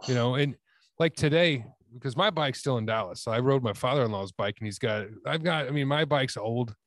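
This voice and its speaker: A man's voice: mid-range voice, brisk, no room sound, clean studio sound. A man as a podcast guest in casual chat, laid-back and profane, speaking with enthusiasm.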